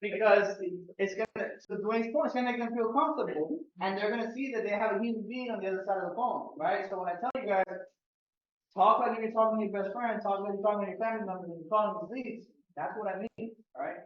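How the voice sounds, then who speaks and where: A man's voice: high voice, fast talker, a little hiss or hum. A man from Miami leading a sales team training, casual and joking with the room. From Miami, United States. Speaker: real estate sales trainer. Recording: roomy, distant, dull meeting-room audio.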